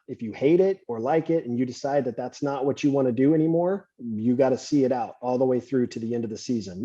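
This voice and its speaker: A man hosting a podcast, telling stories and giving advice in a relaxed, chatty way. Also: mid-range voice, breathy edge. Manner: relaxed, anecdotal, gives advice. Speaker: podcast host. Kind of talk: conversational interview, storytelling. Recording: slightly muffled lo-fi audio.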